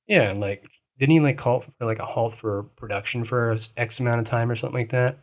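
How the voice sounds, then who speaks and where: A man's voice: medium pitch, steady tone, a little fast. A man co-hosting a podcast in casual chat, teasing his friend and rambling, swearing freely. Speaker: podcast co-host.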